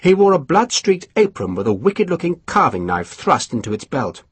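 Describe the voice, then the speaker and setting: A man reading an audiobook aloud with expressive storytelling. His voice is husky, ranges lively in pitch and sounds close and dry. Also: normal speed, no room sound. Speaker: audiobook narrator. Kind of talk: scripted narration.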